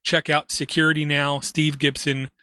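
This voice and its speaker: A man in a somewhat high register hosts a casual tech podcast. He talks in an opinionated, rambling way, full of asides. The sound is dry and close, with no room around it. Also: little pitch movement, moderate pace, bright, forceful tone, no room sound. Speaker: podcast host. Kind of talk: casual tech news chat.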